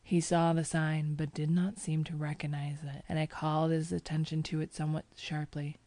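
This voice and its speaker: A woman reads a first-person audiobook in a measured, even way, her low, mellow voice barely rising or falling. The recording is dry and close, with no room sound.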